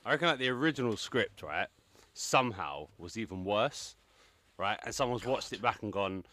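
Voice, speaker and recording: A man's voice: lowish voice, expressive, moderate pace, sharp tone, no room sound. A man co-hosting a film review podcast, blunt, crude and swearing a lot. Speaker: podcast co-host. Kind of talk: casual film review chat.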